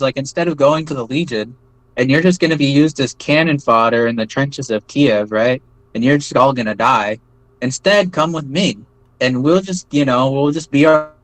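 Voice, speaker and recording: A man's voice: mid-range voice, no room sound, rough recording. A man recounting his own experiences in a loose, casual way, full of fillers and "right?" tag questions. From United States. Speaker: veteran telling his story. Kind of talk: casual first-person storytelling.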